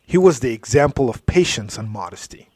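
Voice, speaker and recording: Man, mid-pitched, giving a storytelling religious talk, dry close sound, drops into quiet asides. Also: sing-song, brisk, slightly rough, dry recording. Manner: storytelling, drops to soft asides, frequent "you know". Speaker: Islamic speaker.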